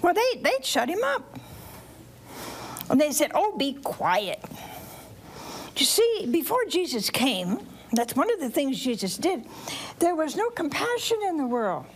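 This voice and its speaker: A woman preacher with a drawl tells a Bible story to children and families in a church. She keeps asking the listeners questions and acts out the voices. Her voice is fairly high and swoops up and down in a lively way. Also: unhurried, slight background noise. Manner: animated, asks the audience questions, acts out voices.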